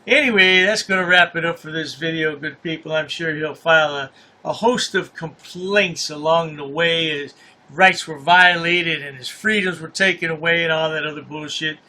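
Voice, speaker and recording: A man's voice: a little high, normal speed, pushed and bright. A man hosting a commentary voice-over, sarcastic and scoffing. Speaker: commentary host.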